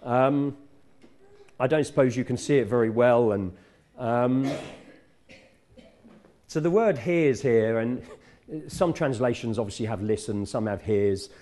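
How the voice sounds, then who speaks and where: Mellow-voiced man preaching conversationally. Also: mid-range voice, unhurried, long pauses. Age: middle-aged. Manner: conversational, self-correcting, warm teaching tone. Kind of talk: sermon. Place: church.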